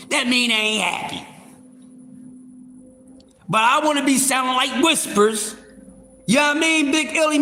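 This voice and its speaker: A man hosting a casual boxing livestream, talking loudly with lots of profanity and restarts. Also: extremely high pitch, roomy sound. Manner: loud, profane, animated, with repeated fillers and restarts.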